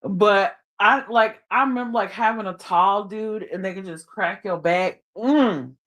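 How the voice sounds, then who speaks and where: A woman's voice: medium pitch, unhurried, a bit bright. Chatty slangy woman livestreaming from bed. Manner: chatty, slangy, laughs often. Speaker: livestreamer reading chat. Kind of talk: casual live-stream chat. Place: her bed under blankets. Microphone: phone.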